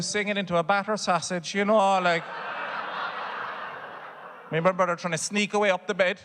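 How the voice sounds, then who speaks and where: A man's voice: high-pitched, normal speed, in a large hall, noisy background. A man with a Cork Irish accent doing a stand-up comedy set, telling family stories full of swearing and putting on voices. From Ireland. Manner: swearing, storytelling with exaggerated voices for his family. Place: theatre stage before a laughing audience.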